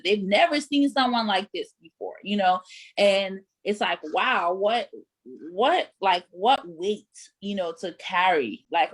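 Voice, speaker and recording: A young adult woman hosting a casual panel discussion, talking emphatically with many fillers. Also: mid-range voice. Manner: emphatic, conversational, lots of fillers. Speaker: panelist and host.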